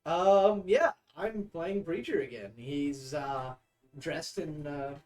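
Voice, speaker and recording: A woman at a tabletop game describes her character in a hesitant, halting way. Her voice sits low and comes from some distance off the mic. Faint music plays behind her. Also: darkish tone. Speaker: player.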